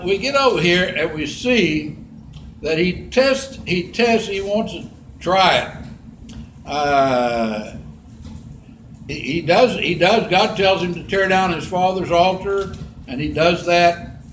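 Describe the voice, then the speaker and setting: A man's voice: high voice, a bit bright, slight background noise. A man preaching a Bible lesson, reading scripture aloud and adding folksy commentary. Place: church sanctuary. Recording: echoey church room.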